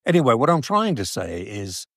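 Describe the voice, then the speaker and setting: A man's voice: medium pitch, big pitch swings, moderate pace, fairly bright tone, no echo, studio quality. A middle-aged man with a Geordie accent, rambling and self-deprecating in a casual chat with his wife.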